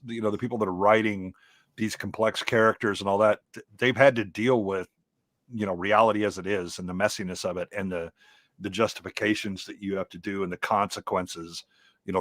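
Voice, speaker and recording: Rambling low-voiced man in casual chat. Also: a bit bright, dry recording. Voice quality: baritone. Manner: rambling, many restarts and fillers. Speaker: panelist on a live riff show.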